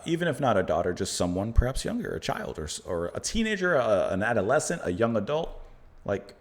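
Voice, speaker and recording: Animated man reflecting aloud as a reaction host. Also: lowish voice. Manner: reflective, thinks aloud with fillers and restarts. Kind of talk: album reaction commentary.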